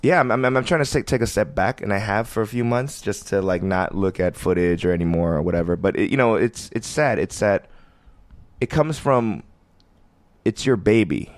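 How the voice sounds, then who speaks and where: An American man in his thirties, a comedian guest on a casual podcast, telling animated, rambling stories and laughing often. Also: lowish voice, normal speed, dry recording.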